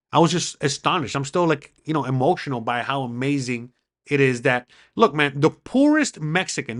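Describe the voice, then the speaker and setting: Profane, ranting middle-aged man, higher voice. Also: pushed and bright. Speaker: podcast host; criminal attorney. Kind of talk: casual monologue to viewers.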